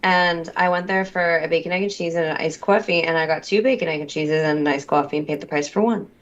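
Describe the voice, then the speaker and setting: A woman's voice: deep voice, quick pace, highs cut off. A woman with a Long Island accent co-hosting a podcast over a video call, talking expressively and emphatically. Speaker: podcast co-host. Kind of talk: casual chat.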